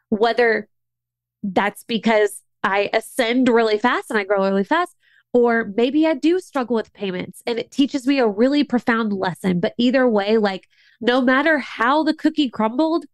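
A woman's voice: fairly high pitch, dry recording. A young adult woman, a business owner, telling a story in a chatty way with lots of restarts and asides. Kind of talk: casual storytelling monologue.

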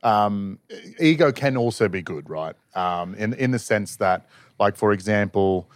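A man with a lowish voice talks through ideas as a podcast host, lively and chatty. The sound is dry and close, with no room around it. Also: measured pace, no room sound. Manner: animated, chatty, laughs easily. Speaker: podcast host, freediving instructor. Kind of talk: casual conversation.

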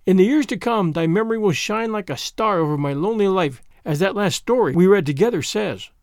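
A man's voice: high voice, lively intonation, brisk, dry recording, studio quality. A man reading as a dramatic romantic girl. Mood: sentimental. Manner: flowery, theatrical phrasing.

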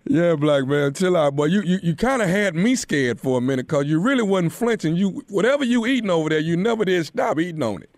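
A man's voice: fairly high pitch, expressive, a little fast, hardly any pauses, dry recording, studio quality. A man who makes prank calls for a morning radio show, talking tough and taunting on the call, then laughing it off with the crew.

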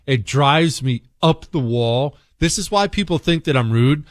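Male radio host, blunt and sarcastic opinion talk, higher-pitched voice, dry close studio sound. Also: animated, unhurried, dry recording. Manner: blunt, sarcastic, swings between low mutters and loud outbursts.

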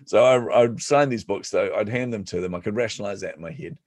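Man, podcast guest, deep voice, dry close sound, animated self-deprecating storyteller. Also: quick pace, no echo. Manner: animated, acts out quoted voices; self-deprecating humor, frequent laughs. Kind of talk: storytelling in an interview.

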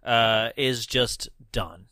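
A man co-hosting a casual podcast chat, quick and jokey, laughing often. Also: mid-range voice, pushed and bright, clear, resonant tone, dry recording, studio quality. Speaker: podcast co-host.

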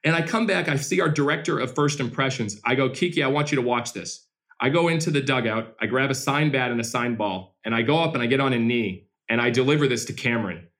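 A man who owns a baseball team, answering interview questions as an energetic, animated storyteller. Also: medium pitch, fast talker, hardly any pauses.

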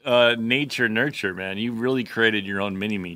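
A man's voice: on the low side, moderate pace, pushed and bright, no echo. A man co-hosting a podcast, chatting casually and joking, with frequent small restarts. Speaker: podcast co-host. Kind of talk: casual chat.

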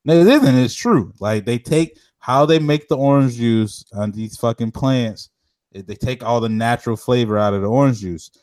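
A man's voice: mid-range voice, moderate pace, darkish tone, dry recording, studio quality. A young man in casual chat, ranting and telling stories with lots of slang and swearing.

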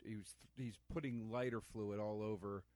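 A man's voice: on the low side, steady tone, normal speed, darkish tone, no echo. A man co-hosting a casual film commentary podcast, enthusiastic, playful and emphatic. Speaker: podcast co-host.

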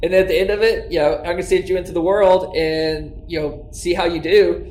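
A man's voice: high-pitched, fairly even intonation, a little fast, darkish tone. A man, a tech company co-founder, explaining his business in an interview and often restarting his sentences. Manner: stammers on starts, talks through explanations. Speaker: tech startup co-founder and CEO. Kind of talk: conversational interview. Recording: echoey room with faint noise.

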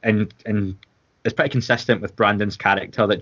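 A man's voice: fairly low pitch, fairly even intonation, brisk, fairly bright tone, highs cut off. A Scottish man co-hosting a podcast, chatting casually and rambling with restarts and fillers. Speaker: podcast co-host. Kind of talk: casual watchalong chat.

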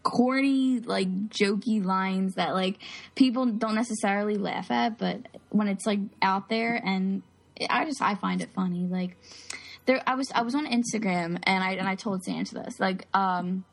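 A woman's voice: mid-range voice, normal speed, vocal fry. A woman chatting casually as a podcast co-host, talking in a filler-heavy, giggly way. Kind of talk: casual chat.

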